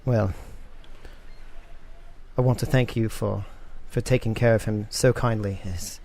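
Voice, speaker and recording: A man's voice: fairly low pitch, steady tone, unhurried, gravelly, warm tone. A man voicing a composed, kind female town sheriff in a tabletop game, formal and apologetic.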